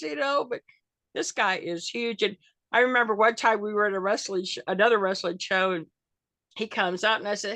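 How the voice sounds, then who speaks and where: Talking a little fast in a fairly high, pushed and bright voice with no room sound, an older Arkansas woman shares wrestling stories as a guest in a casual interview. This wrestling fan character is chatty and folksy, often laughing and acting out quotes.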